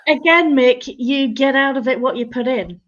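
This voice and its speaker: A woman's voice: high voice, normal speed, background noise. Woman guest on dull lo-fi audio. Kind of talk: casual chat.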